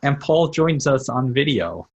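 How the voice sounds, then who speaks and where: A man's voice: medium pitch, big pitch swings, unhurried, darkish tone, a little hiss or hum. A man hosting the show, reading out introductions of the next questioner in a plain, announcing way. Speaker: show host.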